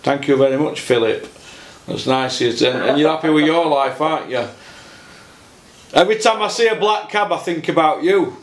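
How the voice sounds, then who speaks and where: A man's voice: on the high side, moderate pace. Chatty man host, echoey room. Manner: chatty, asks leading questions. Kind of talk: casual chat.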